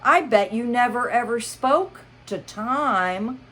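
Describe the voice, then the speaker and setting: A woman reads as an eccentric, boastful hatter who slips into mournful asides, his voice pitched high and sing-song and swooping widely. He drags out his words and stretches them for effect. This is a storybook voice, playful and theatrical. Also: expressive, slow pace, sharp tone, slight background noise, heavily acted. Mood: whimsical.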